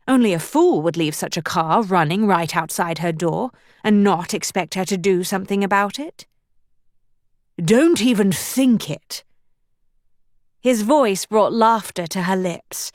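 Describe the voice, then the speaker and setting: A woman narrating an audiobook in measured, even storytelling, recorded on a studio microphone. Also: mid-range voice, no room sound. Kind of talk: scripted narration.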